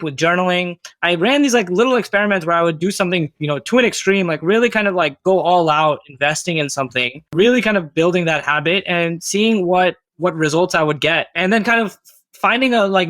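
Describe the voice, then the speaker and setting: Podcast guest, male; slightly high pitch, dry close mic, relaxed reflective chat. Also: brisk, dry recording. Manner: reflective, many fillers like "like" and "you know". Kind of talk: casual conversational interview.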